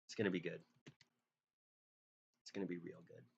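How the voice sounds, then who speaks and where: A man's voice: sits low, flat delivery, moderate pace, gravelly, darkish tone, dull audio, a little hiss or hum. A man casually chatting with viewers while drawing on a live stream, joking and thinking aloud in a self-deprecating way.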